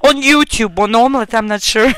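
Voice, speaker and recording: A woman's voice: high-pitched, a bit bright, no echo. A tipsy woman with a Croatian accent streams a shooter game, chatting playfully with teammates and laughing constantly. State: tipsy from drinking. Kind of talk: live gaming stream chat.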